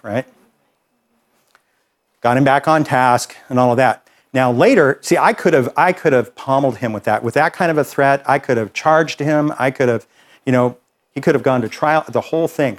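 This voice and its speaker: Man teaching a workshop, medium pitch. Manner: conversational, checks in with listeners with "okay?". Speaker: workshop trainer. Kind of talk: classroom teaching with anecdotes.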